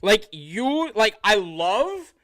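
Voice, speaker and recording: A man's voice: sits high, sing-song, drawn-out words, a bit bright. A man commentating a live football game on his stream, calling plays and ranting in exasperation at his team's mistakes. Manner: exasperated ranting with bursts of sarcasm. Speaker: sports streamer.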